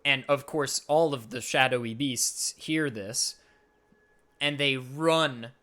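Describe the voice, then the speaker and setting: Male game master, mid-pitched, lively storyteller with sound effects. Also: slow pace. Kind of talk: narrating a tabletop game.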